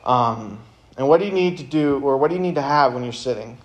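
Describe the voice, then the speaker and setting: A man's voice: medium pitch, lively intonation, fairly quick, lo-fi sound. Earnest young man giving a youth talk. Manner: casual, earnest, lots of fillers, bursts of energy. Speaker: youth speaker. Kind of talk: youth talk to high school students.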